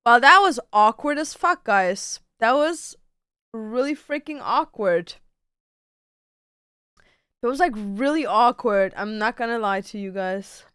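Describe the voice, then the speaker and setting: A woman's voice: on the high side, lively intonation, takes it slowly, pauses often, fairly bright tone, clear, resonant tone, no room sound, clean studio sound. A woman streamer chatting casually at home with a cat on her lap, swearing now and then and reading viewer questions aloud. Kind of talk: casual live-stream chat.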